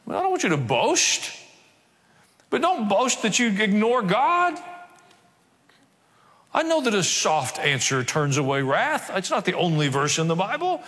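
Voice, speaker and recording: A man's voice: high voice, very animated, unhurried, long pauses, fairly bright tone. A male pastor preaching a sermon, dropping wry asides and acting out quoted voices. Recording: long reverb of a large hall.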